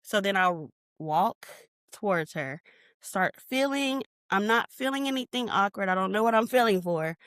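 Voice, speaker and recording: With lively intonation and medium pitch, she speaks at a moderate pace in a clean studio with no echo. It's a personal storytelling interview where she, a podcast guest, emotionally relives a painful memory. She dramatizes the dialogue between herself and others and reenacts her shouts.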